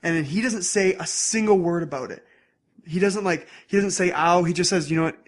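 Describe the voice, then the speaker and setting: A man's voice: high voice, brisk. Rambling young man recapping episodes. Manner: rambling, animated, acts out scenes in bursts. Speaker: podcast co-host. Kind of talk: casual chat recapping episodes.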